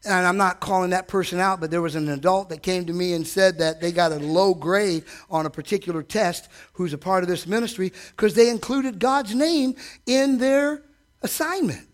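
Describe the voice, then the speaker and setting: A man preaching a sermon from a church stage, animated, asking the congregation direct questions and acting out quotes. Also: sits high, moderate pace. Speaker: pastor.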